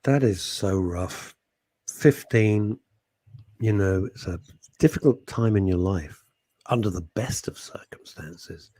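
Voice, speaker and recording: Middle-aged male radio co-host, husky and earnest, faltering as he speaks. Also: on the low side, no room sound. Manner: heartfelt, halting, trailing off softly. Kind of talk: casual radio chat, reading listener messages. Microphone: studio microphone.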